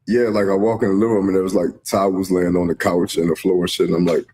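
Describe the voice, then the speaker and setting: A man's voice: deep voice, flat delivery, fast, mellow, a little hiss or hum. A man telling his story in a casual interview, laid-back and matter-of-fact. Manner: laid-back, plain recounting. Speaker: interview guest, dancer.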